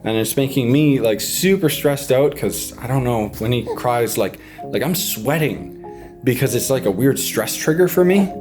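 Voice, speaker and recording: A man's voice: medium pitch, lively intonation, moderate pace, music in the background. A young man, a new father, talking frankly on a casual home vlog, stressed and swearing freely. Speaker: vlogger, father of a baby.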